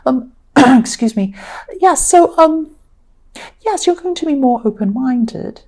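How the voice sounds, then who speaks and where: A woman giving a solo tarot reading to camera. She talks in a gentle, reassuring way with frequent ums, and her voice is tired and a little croaky. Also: high-pitched, expressive, slow pace. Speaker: tarot reader.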